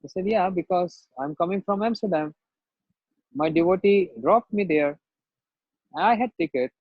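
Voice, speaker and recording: Husky-voiced guy, highish pitch, telling a story in a sermon, slightly off english phrasing, dry dull recording. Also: moderate pace, no echo. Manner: conversational storytelling, acts out quoted voices; non-native English phrasing. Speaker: spiritual teacher. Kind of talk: devotional sermon with personal anecdote.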